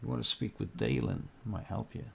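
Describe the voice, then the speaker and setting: A man doing a creaky, gossipy tavern keeper. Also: on the low side, fairly quick, a bit bright, exaggerated voice. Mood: confiding. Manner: confiding, gossipy. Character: chatty, wary male tavern keeper.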